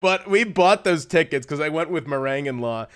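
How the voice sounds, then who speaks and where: A man streaming live, telling a story in animated casual chat, laughing often and swearing. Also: a little high, normal speed.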